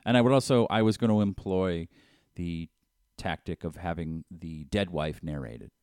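Guy talking loose and sweary, low voice, dry close mic. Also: moderate pace, darkish tone, smooth, dry recording. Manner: rambling, swears, breaks into comic impressions. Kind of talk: casual chat.

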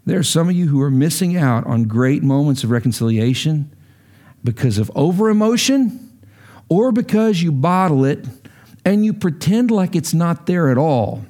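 An earnest middle-aged pastor delivers a sermon in a slightly higher-than-average male voice. He preaches with emphasis and climbs sharply in force when stirred. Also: lively intonation, moderate pace, mellow.

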